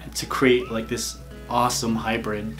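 A man hosting a relaxed YouTube chat, trading questions with a guest. He keeps things playful and breaks into laughter often. His voice sits at a middling pitch, with soft music faintly in the background. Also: moderate pace. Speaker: YouTuber host. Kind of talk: casual interview chat.

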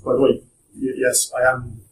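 A man's voice: medium pitch, completely flat delivery, normal speed, recorded from a distance. Joking man lecturing in an echoey room. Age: young adult. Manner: chatty, joking, with restarts. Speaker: guest speaker at a university talk. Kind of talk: casual presentation to students.

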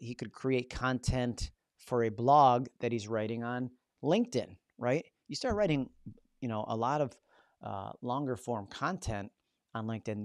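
A man leads a live online lesson in a relaxed, chatty way and tosses jokes to his viewers. His voice is gravelly, mid-pitched and recorded dry and close. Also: dry recording. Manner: casual, chatty, jokey asides to viewers. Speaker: host teaching a live session. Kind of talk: live-streamed tutorial.

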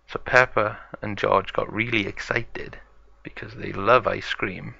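A man narrating an improvised toy-play story in slow, simple words. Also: on the low side, steady tone, creaky, sharp tone, no room sound. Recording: dull lo-fi home recording.

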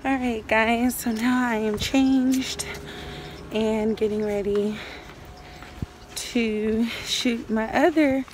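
Woman, casual vlog, bubbly, fairly high voice, phone recording with noise behind. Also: fairly even intonation, slow pace, pauses often. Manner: bubbly, laughs often, calls viewers "y'all". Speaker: vlogger, actor and spoken word poet. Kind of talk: casual vlog chat to camera. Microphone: phone camera.

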